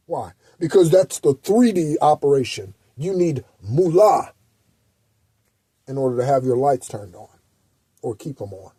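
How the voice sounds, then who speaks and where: A man's voice: mid-range voice, animated, a little slow, warm tone, slightly rough, dry recording. A man hosting a spiritual guidance channel, giving a blunt, preachy, profane motivational talk. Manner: blunt, preachy, heavy swearing.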